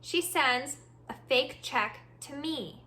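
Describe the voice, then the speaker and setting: A woman hosting a storytime podcast, telling her tale in an animated, exasperated way. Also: sits high, takes it slowly. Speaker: podcast host.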